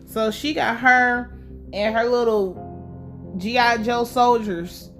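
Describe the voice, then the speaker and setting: A woman giving a sassy, animated, profane recap of a TV episode with mock outrage. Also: fairly high pitch, slow pace, faint music behind. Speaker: TV recap reviewer.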